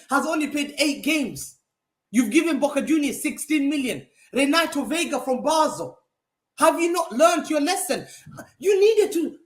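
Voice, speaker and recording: Animated ranting football pundit, high lively voice. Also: male voice. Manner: animated, mocking, emphatic repetition. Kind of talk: heated football fan talk show rant. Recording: roomy echo.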